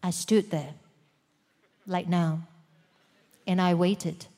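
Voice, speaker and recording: A woman giving a sermon testimony in a church, swinging from loud urgent passages to hushed whispers. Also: fairly low pitch, fairly even intonation, drawn-out words. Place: large church hall. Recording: long hall reverb.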